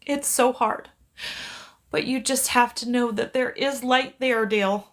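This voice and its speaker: A middle-aged woman, a psychic medium, talking gently and pleadingly into her phone on a live stream, reassuring a viewer in one side of a conversation. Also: on the high side, steady tone, normal speed.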